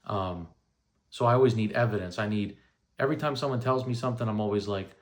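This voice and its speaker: Talking fast in a voice on the low side, a thirtysomething vlogger rambles through a first-person tale of paranormal events. "You know" and "right?" come up again and again.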